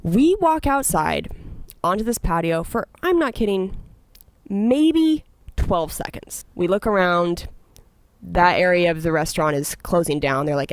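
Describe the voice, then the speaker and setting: A young woman comedian telling a story in casual chat, animated and self-mocking, full of "like" fillers. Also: fairly low pitch, unhurried, no echo. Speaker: comedian guest.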